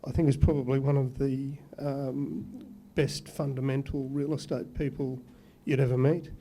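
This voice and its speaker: Flat-toned Australian man. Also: medium pitch, moderate pace, slight background noise. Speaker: company executive. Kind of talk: formal meeting remarks.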